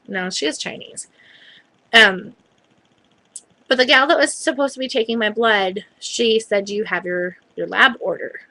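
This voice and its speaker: Woman, bright voice, chatty vlog storytelling, hedging asides. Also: mid-range voice, rough recording. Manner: chatty, hedging, recounts with quoted dialogue. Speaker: vlogger.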